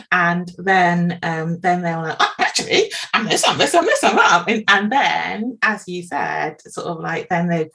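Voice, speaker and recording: Low gravelly woman host. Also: low-quality recording. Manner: rambling questions full of hedging fillers. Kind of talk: conversational interview.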